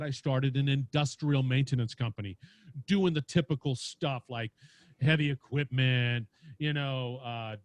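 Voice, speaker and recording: A man with a big booming voice telling stories animatedly as a podcast guest, acting out quotes as he talks. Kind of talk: lively storytelling interview. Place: home studio with lights.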